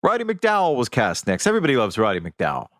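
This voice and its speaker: A man co-hosting a podcast, relating facts in a relaxed chat with wry asides. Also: mid-range voice, quick pace, no room sound, clean studio sound. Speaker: podcast co-host. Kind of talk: casual chat.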